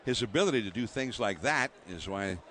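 A man calling baseball play-by-play as a guest in the booth, halting and full of restarts. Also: on the low side, expressive, fairly bright tone, slight background noise. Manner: halting, many restarts and fillers. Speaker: guest broadcaster.

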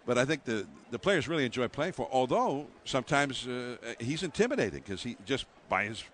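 A man calling baseball play-by-play as a guest in the booth, halting and full of restarts. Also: medium pitch, big pitch swings, fairly bright tone, a little hiss or hum. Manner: halting, many restarts and fillers. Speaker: guest broadcaster.

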